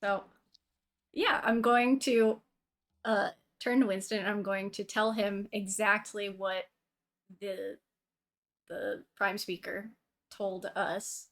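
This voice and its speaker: A woman's voice: medium pitch, steady tone, takes it slowly, pauses often, a bit bright. A woman playing a tabletop game, chatting casually and laughing often. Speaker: player. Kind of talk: casual chat in character.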